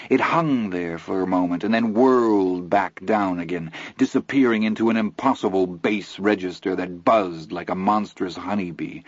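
A man reading a first-person story aloud in a measured, low-key way. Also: dry recording. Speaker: audiobook narrator. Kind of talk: scripted first-person narration. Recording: dull lo-fi audio, dry.

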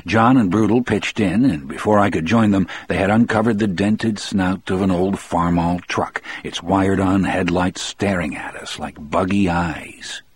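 A man reading a first-person story aloud in a measured, steady storytelling manner. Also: deep voice, slight background noise. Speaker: narrator.

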